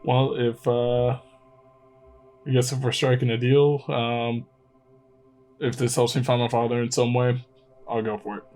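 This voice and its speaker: A man's voice: mid-range voice, level tone, unhurried, pauses often, darkish tone, faint music behind. Hesitant man playing a tabletop game. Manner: hesitant, full of ums. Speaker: player.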